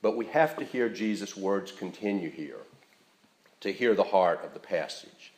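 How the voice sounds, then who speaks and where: A man preaching a sermon as pastor in a church, earnest and deliberate, stressing key words as he speaks. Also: deep voice, expressive, darkish tone, roomy sound, a little hiss or hum.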